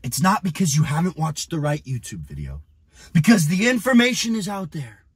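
A young man coaching in an aggressive, profane motivational rant, often shouting at the viewer. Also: on the high side, sing-song, normal speed, husky, no room sound. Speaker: business and fitness coach.

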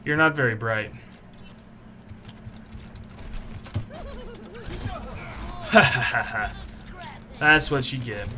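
A young man commentating his own competitive match, swinging between low muttering and frustrated yelling, his voice strained from shouting. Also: brisk, hardly any pauses, slight background noise. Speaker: gaming YouTuber. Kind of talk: live gameplay commentary.

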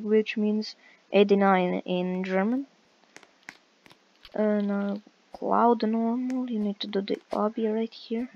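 Slow, gravelly woman giving game commentary. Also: mid-range voice, flat delivery, a little mellow, muffled recording. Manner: hesitant, many fillers. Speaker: game walkthrough creator. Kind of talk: casual gameplay commentary.

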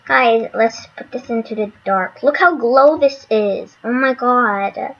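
A woman casually commenting on her gameplay, excitable and gushing. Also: a little high, slow pace, pauses often, dull audio. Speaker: gaming channel host.

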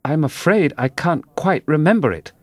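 Man doing a high polite little girl voice for a storybook, gentle and careful. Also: animated, moderate pace, no echo.

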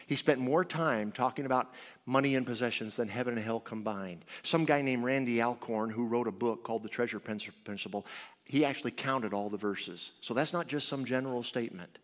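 A man preaching in a church sanctuary, his voice carrying a long, lingering reverb. His delivery is animated, with bold swings of pitch and loudness. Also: brisk. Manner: animated storytelling with big swings in pitch and volume. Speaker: guest preacher. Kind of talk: sermon.

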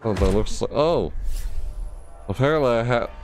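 A man's voice: medium pitch, animated, normal speed, darkish tone, faint music behind. A tired man streaming a video game, mumbling and rambling to himself in casual commentary. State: tired, yawning.

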